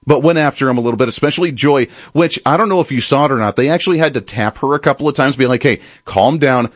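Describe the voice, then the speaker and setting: A man's voice: mid-range voice, racing, dry recording, studio quality. A man hosting a political commentary show, talking emphatically and mocking opponents with sarcasm. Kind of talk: opinionated commentary monologue.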